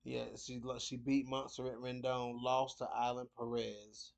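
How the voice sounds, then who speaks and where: A man's voice: medium pitch, flat delivery, a little slow, vocal fry, few pauses. A man hosting a casual fight preview, rambling and repeating words with lots of fillers. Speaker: host of a fight picks show.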